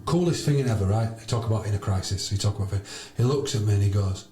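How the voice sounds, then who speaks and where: Loud, blunt man in an echoey sauna. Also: lowish voice, very fast, hardly any pauses. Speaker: podcast guest, charity founder. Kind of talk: animated storytelling with swearing. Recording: roomy echo.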